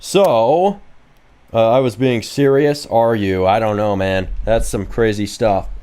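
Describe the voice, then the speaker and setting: A young man live-streaming while he builds games, chatting casually in a brash, profane, excitable way and answering viewer questions. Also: lowish voice, takes it slowly, clear, resonant tone. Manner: reads viewer chat questions aloud and answers. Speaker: game developer streaming live. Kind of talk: casual livestream chat while coding.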